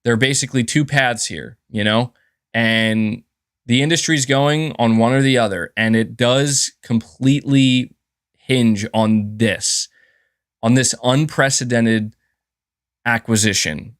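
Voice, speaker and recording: A man hosts a live stream, delivering heated, profane commentary and reading out chat messages. His mid-range voice stays steady and unhurried, and the studio-quality audio has no echo.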